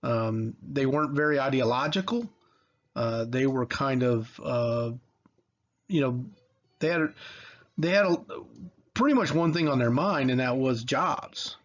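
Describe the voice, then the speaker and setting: A man's voice: mid-range voice, lively intonation, unhurried, dull audio. A man in his forties from Mississippi, giving a casual history lecture in a conversational, rambling way, with many fillers and restarts. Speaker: history teacher.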